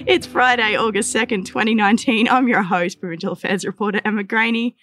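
A woman reporter hosting a casual politics podcast in a newspaper studio, playful, chatty and quick to laugh. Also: mid-range voice, steady tone, music in the background. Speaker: podcast host and provincial affairs reporter.

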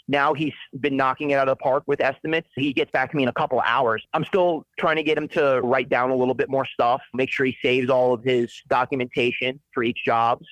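A man's voice: mid-range voice, a bit bright, no room sound, rough recording. A man who runs a welding business, talking bluntly and profanely in a motivational way on a casual podcast interview. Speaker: independent welder and business owner.

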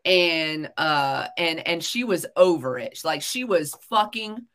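A woman's voice: sits low, lively intonation, slow pace, a bit bright. A young woman telling a story in a casual podcast chat, blunt and full of profanity. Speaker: podcast co-host.

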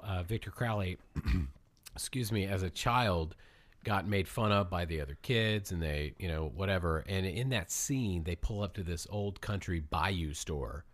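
Laughing, rambling male podcast host. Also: low voice. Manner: rambling, laughs often, self-correcting. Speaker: podcast host recapping a film. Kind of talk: casual podcast chat.

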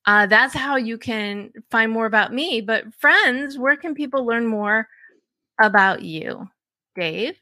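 A woman's voice: a little high, lively intonation, slow pace, bright, forceful tone, no echo. A woman hosting a podcast, talking enthusiastically in a casual conversation and often restarting her sentences. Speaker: podcast host.

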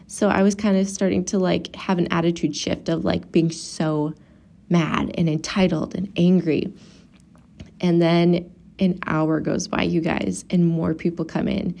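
Young woman, mom vlogger, casual storytelling, chatty with fillers, warm low voice. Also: steady tone, unhurried, creaky. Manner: chatty, lots of "like", acts out quoted people.

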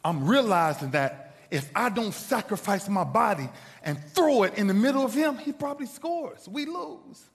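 A man giving an inspirational speech to a live audience, telling a story dramatically and swinging from loud bursts to hushed asides. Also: high voice, expressive, normal speed. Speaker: motivational speaker. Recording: long reverb of a large hall.

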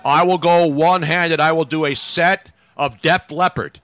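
A man hosting a radio show, bantering in a loud, teasing way. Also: a little high, steady tone, moderate pace, no room sound, faint music behind. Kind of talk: casual on-air banter.

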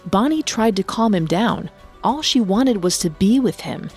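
A woman giving scripted true-crime narration in a measured way, reading quotes aloud in a flat tone. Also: medium pitch, slightly rough, soft background music. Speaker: podcast narrator.

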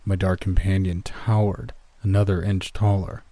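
A man narrating a first-person horror story in a steady, measured way. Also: sits low, no room sound.

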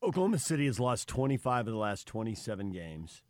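A man's voice: lowish voice, sing-song, quick pace, a little mellow, no room sound, clean studio sound. Man co-hosting sports talk radio.

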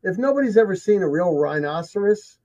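A man's voice: high-pitched, animated, brisk, warm tone. A man telling his encounter stories in casual conversation, emphatic and repeating himself for effect. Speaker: guest telling of sightings. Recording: dull lo-fi sound.

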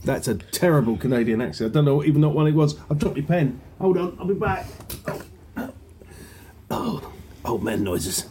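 A man's voice: on the high side, lively intonation, brisk, mellow, slight background noise. A man co-hosting a football podcast, a comedian, chatty, jokey and self-mocking, on a video call. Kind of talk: casual chat.

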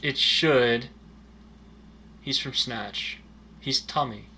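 A man gives a casual movie review with a dry, teasing edge and blunt verdicts. His voice is bright and clear. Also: mid-range voice, very slow, a little hiss or hum.

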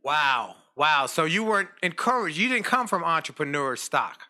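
A man's voice: a little high, very animated, normal speed, sharp tone. A man hosting an interview, asking questions and echoing the guest's points emphatically. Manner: encouraging, emphatic. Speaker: host.

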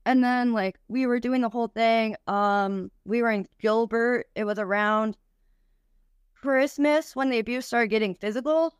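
A woman's voice: a little high, measured pace, smooth, dry recording, studio quality. A young woman, a podcast guest, tells a personal story candidly, with frequent swearing and many "like" fillers.

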